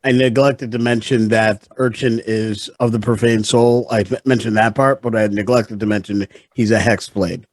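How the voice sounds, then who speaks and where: A man's voice: on the low side, fairly even intonation, moderate pace, hardly any pauses, dry recording. A man playing in a tabletop game, speaking carefully with slight hesitations. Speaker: player.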